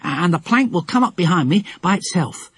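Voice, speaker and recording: A man voicing a sensible, practical schoolboy in an audiobook, steady and matter-of-fact. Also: sits high, normal speed, husky, dry recording, pitched above the performer's own voice, exaggerated voice. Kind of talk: audiobook character voice.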